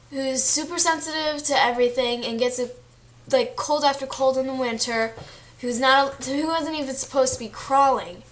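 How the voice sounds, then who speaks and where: A student vlogger, a young woman with a high-pitched, slightly bright voice, gives a casual, filler-filled retelling of a story she read and acts out the quoted lines as she goes.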